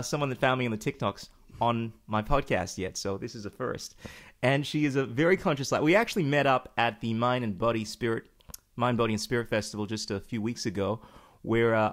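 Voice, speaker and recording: A man hosting a podcast, talking in a chatty, joking way as he introduces his guest. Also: mid-range voice. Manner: chatty, jokey, self-promoting. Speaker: podcast host. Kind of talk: casual podcast chat.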